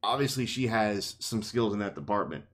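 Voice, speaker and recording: A man's voice: fairly low pitch, animated, moderate pace. A man co-hosting a podcast, casually retelling a fantasy novel chapter with playful quoted voices and laughter. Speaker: podcast co-host. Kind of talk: casual book discussion podcast.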